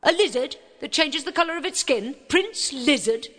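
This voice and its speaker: A woman's voice: high voice, lively intonation, normal speed, fairly bright tone, voice pushed up. A woman voicing a frowning castle cook who scoffs indignantly. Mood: scoffing. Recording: long reverb.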